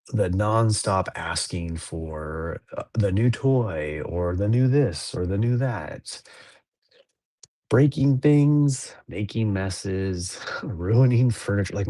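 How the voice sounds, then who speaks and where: A man's voice: low-pitched, darkish tone, no room sound. A man in his thirties, a podcast co-host, talking casually in a rambling, laid-back way with lots of fillers and restarts. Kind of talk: casual chat.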